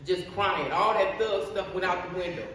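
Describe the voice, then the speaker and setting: A middle-aged woman with a lowish, slightly bright voice tells her life story as a guest at normal speed, earnest and repetitive, in a personal testimony. She's recorded from a distance in an echoey hall, with faint background noise.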